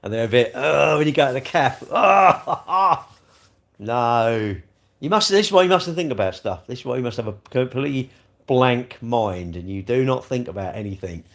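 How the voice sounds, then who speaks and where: Brief: rambling, jokey man chatting to his live-stream viewers, mid-pitched. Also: lively intonation, brisk, gravelly. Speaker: livestream host reading chat. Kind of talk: casual live chat.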